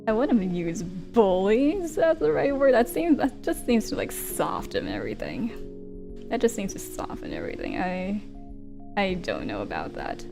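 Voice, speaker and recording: A woman streamer reading a visual novel aloud with quiet, wry commentary. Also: medium pitch, very animated, unhurried, creaky, over music.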